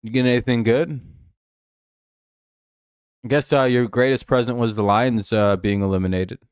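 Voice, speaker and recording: A man hosts a live stream of casual game-watching commentary, offering laid-back, dry play-by-play and chatting with viewers. His mid-range voice is steady and clean, at a moderate pace. The recording is dry.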